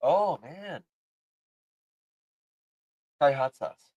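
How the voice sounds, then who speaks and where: A man's voice: fairly high pitch, animated, drawn-out words, dry recording, phone-quality sound. A man co-hosting a casual podcast, easygoing and rambling, often giggling as he talks. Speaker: podcast co-host. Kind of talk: casual chat.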